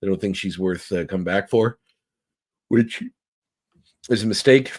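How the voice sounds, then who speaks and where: A man's voice: deep voice, unhurried. A man co-hosting a podcast, casually recapping a comic with lots of fillers and restarts. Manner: rambling recap with fillers, reads quotes aloud. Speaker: podcast co-host. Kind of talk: casual comic review chat.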